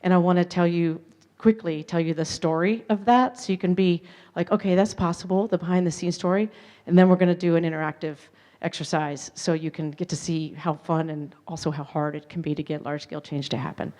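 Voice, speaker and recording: A woman's voice: on the low side, steady tone, fairly quick, warm tone. A woman giving a conference keynote, telling her story candidly with self-deprecating asides. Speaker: keynote speaker. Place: conference hall.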